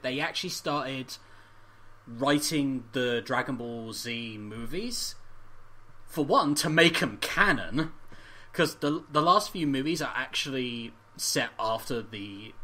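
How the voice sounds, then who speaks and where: A man's voice: medium pitch, bright, forceful tone. A man co-hosting a casual podcast chat, laughing often, swearing and rambling off on tangents. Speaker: podcast co-host.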